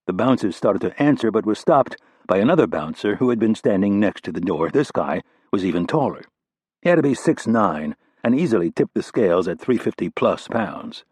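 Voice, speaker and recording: A male audiobook narrator with a low, husky voice, reading in a steady, even way. The sound is close and dry, with no room around it. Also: no echo. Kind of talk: scripted narration.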